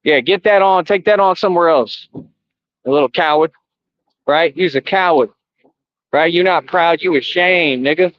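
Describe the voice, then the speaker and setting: A middle-aged man with a fairly high voice rants at his live stream chat, taunting and confrontational, circling back to the same jabs again and again. The sound is dull and lo-fi, with a dry, close feel. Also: normal speed, pauses often, dry recording. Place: outdoors.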